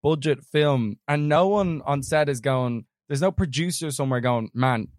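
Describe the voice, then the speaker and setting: A man's voice: on the high side, moderate pace, darkish tone, no echo, clean studio sound. A man co-hosting a film podcast, rambling in casual chat and laughing often. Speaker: podcast co-host.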